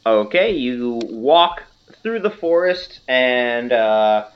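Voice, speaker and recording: A man narrating a tabletop game as game master, relaxed and joking, with hesitant fillers. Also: drawn-out words. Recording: muffled low-fidelity audio.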